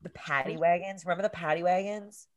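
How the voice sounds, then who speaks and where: A podcast co-host in her thirties tells a story in casual chat, animated and full of energy with heavy swearing. Her voice is on the low side and her pace is quick.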